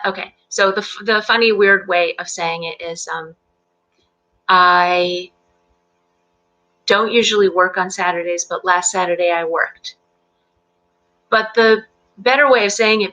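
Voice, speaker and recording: A middle-aged woman leads a live English lesson from her home, explaining grammar patiently with plenty of ums and light laughter. Her voice is bright and crisp, pitched in an ordinary range. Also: low-quality recording. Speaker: English teacher. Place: home in Central Virginia.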